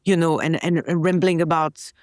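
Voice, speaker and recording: A woman's voice: low-pitched, fairly even intonation, normal speed, no room sound. Rambling French woman, dry close sound. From France. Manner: rambling, chatty, frequent restarts. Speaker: podcast guest, illustrator. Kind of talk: casual interview chat.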